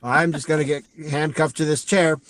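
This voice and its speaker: A man's voice: a little high, fairly even intonation, no room sound. Rambling man recapping a movie, dry sound. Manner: rambling, acts out lines with quick asides. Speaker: podcast co-host. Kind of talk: casual chat recapping a movie.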